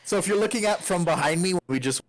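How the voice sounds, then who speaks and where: Animated, joking player; man, casual banter. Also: high-pitched, fast. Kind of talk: casual game chat.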